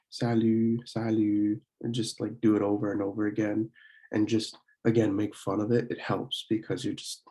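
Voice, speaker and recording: Young male student teacher, dark mellow tone, low pitch, relaxed recorded lesson with fillers. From Pennsylvania, USA. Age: young adult. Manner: casual, many fillers, slow careful word demonstrations. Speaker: student French club teacher.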